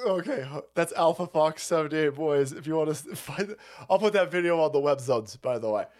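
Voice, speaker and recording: A man's voice: a little high, fairly quick, a little mellow. A man hosting a stream, ranting profanely while reacting to videos, laughing often and breaking into mocking squeals. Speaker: streamer host.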